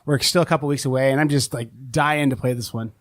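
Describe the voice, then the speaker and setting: A man's voice: mid-range voice, fairly even intonation, fast. A man co-hosting a podcast in casual chat, rambling along with lots of "um" and "like" fillers. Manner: rambling, full of "um" and "like". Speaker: podcast co-host.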